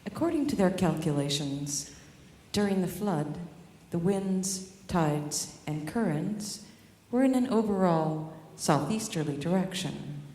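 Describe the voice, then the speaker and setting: A woman telling a story in a slow, dry, deadpan spoken-word style. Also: on the low side. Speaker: performance artist. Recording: echoey hall with music behind.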